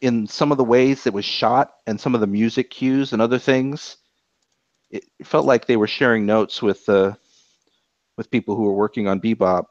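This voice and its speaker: A man co-hosting a podcast, chatting casually about anime episodes in an animated, rambling way and swearing freely. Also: medium pitch, normal speed, no room sound. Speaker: podcast co-host. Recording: dull lo-fi podcast audio.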